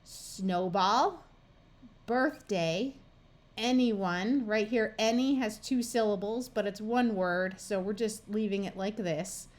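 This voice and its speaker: Taking things slowly in a medium-pitched voice, a woman with an American accent tutors reading. The lesson is slow and careful phonics, with each sound and word spelled out patiently, one after another.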